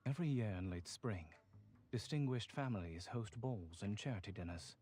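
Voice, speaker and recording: British nobleman, formal, aloof, low voice, faint music behind. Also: animated, moderate pace, mellow, slightly rough. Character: stiff formal wealthy young nobleman.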